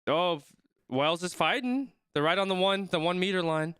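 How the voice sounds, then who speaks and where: A man's voice: high voice, lively intonation, normal speed, a bit bright, clean tone, no echo, studio quality. A young man watching a rugby match live and chatting along, reading viewers' comments and thinking aloud, often trailing off mid-sentence. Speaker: streamer reacting to a rugby match.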